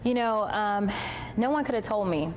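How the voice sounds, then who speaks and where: A woman politician answering an interview question in a measured, personal way. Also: medium pitch, animated. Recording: noisy played clip.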